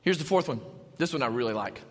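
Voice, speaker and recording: A man preaching a sermon as pastor, animated, shouting at times and dropping to a hush. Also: mid-range voice, fast, husky, in a large hall.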